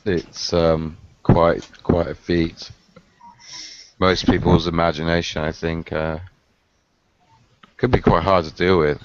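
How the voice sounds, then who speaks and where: A man chatting casually in a measured, thoughtful way during a video call, pausing on fillers. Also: deep voice, little pitch movement. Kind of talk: casual chat. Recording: dull lo-fi video call audio with faint noise.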